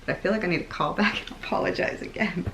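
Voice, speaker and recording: A woman's voice: lowish voice, quick pace, vocal fry, fairly bright tone. A woman casually chatting and recalling her own apology, with a laughing manner. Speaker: co-host, the patient in the story. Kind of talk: casual chat. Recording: echoey room with faint background noise.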